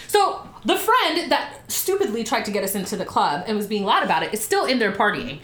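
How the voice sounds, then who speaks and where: A woman's voice: fairly high pitch, fast, few pauses, roomy sound, slight background noise. A woman casually telling a story, swearing freely and acting out quotes in different voices. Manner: animated, profane, acts out quotes in voices.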